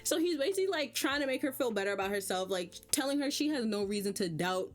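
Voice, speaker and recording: A woman's voice: fairly high pitch, quick pace. Young woman doing a chatty reality tv recap, acts out everybody's lines, super casual. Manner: animated storytelling, acts out cast members' lines. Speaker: reality show commentator.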